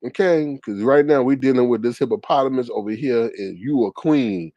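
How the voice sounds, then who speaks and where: A man hosting a casual livestream and reading chat comments, speaking with an animated, gossipy manner full of exclamations. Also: mid-range voice, moderate pace, no room sound, muffled recording.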